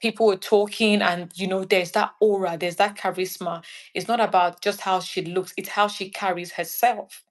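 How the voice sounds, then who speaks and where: A woman's voice: mid-range voice, normal speed. Woman chatting animatedly. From Nigeria. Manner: animated, acts out little scenes in quoted voices. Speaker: guest. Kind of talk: casual interview chat.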